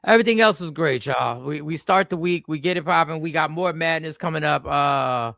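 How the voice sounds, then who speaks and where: A man hosting a podcast in casual chat, telling stories in an animated, playful way. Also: a little high, a little fast, vocal fry, no room sound, studio quality. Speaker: podcast host.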